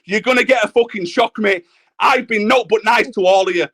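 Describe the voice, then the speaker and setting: A high-pitched man venting in a furious, expletive-laden rant. He talks over everyone on a livestream panel, hammering home the same points. His voice stays pinched and high throughout the quarrel. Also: a little fast, fairly bright tone. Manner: angry, ranting, swearing constantly. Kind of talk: heated argument on a livestream panel.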